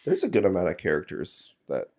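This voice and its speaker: A man's voice: sits low, huge pitch swings, a little mellow. A man co-hosting a podcast, chiming in bluntly and agreeably during a casual book discussion. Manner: agreeable, quick to chime in, blunt. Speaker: podcast co-host.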